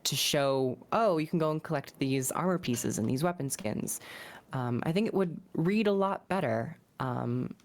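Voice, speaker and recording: A woman on a gaming podcast, giving her views in a measured, thoughtful way. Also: deep voice, expressive. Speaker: podcast guest. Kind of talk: casual gaming chat.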